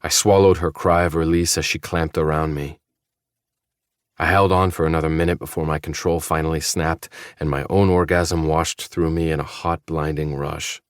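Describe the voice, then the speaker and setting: A man narrating a first-person novel in an audiobook, with a measured, low-key, intimate reading. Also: little pitch movement, no room sound, studio quality.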